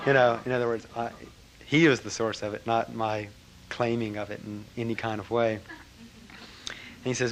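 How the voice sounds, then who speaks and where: An older man telling a personal story to a gathering in a reflective, halting way, breaking into lively quotes. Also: mid-range voice, a little hiss or hum, low-quality recording. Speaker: speaker recounting a spiritual teacher.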